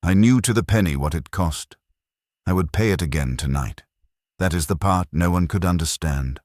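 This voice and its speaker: This first-person horror story comes from a man whose voice is very deep and heavy, with a somewhat dark tone. He sounds measured and mournful, as if confessing. There's no room echo, just a dry, intimate sound.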